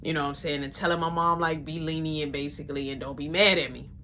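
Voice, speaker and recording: A woman's voice: low-pitched, steady tone, quick pace, sharp tone, a little hiss or hum. A woman telling a personal story in a casual, slangy way with swearing.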